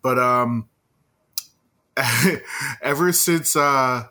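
Slow deadpan Jersey comic, man. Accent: New Jersey. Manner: deep deadpan comic delivery. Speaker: podcast guest. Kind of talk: casual chat.

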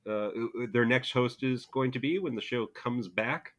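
A man co-hosting a podcast, reading listener comments aloud and teasing in a dry, deadpan way. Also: mid-range voice, a little slow. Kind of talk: casual chat.

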